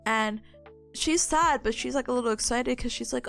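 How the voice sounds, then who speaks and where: A woman's voice: on the high side, normal speed, gravelly, a bit bright, faint music behind. A woman streaming and chatting casually, telling stories in a bubbly, giggly way. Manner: giggly, bubbly storytelling, frequent laughter.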